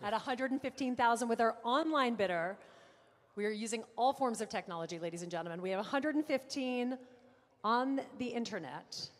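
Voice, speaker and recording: A woman auctioneer calling bids at a live car auction, brisk and playful with the bidders. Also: a little high. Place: large auction room. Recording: long hall reverb.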